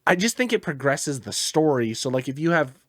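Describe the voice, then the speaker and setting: A man's voice: on the high side, very animated, fairly quick, no room sound, clean studio sound. A man hosting a gaming podcast, telling a rambling, profane story about his game in casual chat. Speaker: podcast host.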